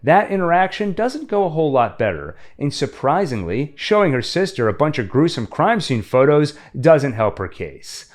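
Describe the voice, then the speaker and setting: A man's voice: on the high side, sing-song, normal speed, few pauses. A man narrating a scripted horror movie recap, dry and wry, dropping sarcastic asides. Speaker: horror film reviewer.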